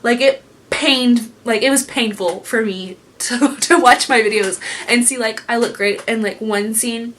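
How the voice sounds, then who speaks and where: A woman's voice: on the high side, measured pace, fairly bright tone, slight background noise. A young woman chatting casually at home as a beauty vlogger, gushing and rambling with lots of fillers. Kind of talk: casual chatty product review. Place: home room.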